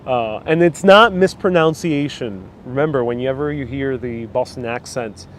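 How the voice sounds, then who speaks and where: A man's voice: medium pitch, moderate pace, slight background noise. Chatty New York man live-streaming outdoors. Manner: chatty, rambling, with frequent fillers and restarts. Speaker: vlogger hosting a live stream. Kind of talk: casual live-stream chat, answering viewer comments.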